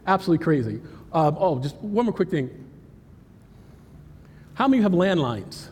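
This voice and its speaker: An animated man presents on cybersecurity to a live audience. He jokes often and asks the crowd questions. His voice sits a little high for a man and carries a long hall reverb over faint room ambience. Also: moderate pace, slight background noise. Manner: animated and joking, talks straight to the audience. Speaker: cybersecurity speaker. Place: conference hall.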